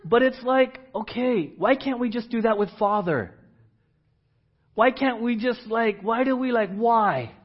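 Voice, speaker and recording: A male pastor preaching a sermon, moving between loud emphatic repeats and hushed asides. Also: very high voice, measured pace. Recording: dull lo-fi church recording.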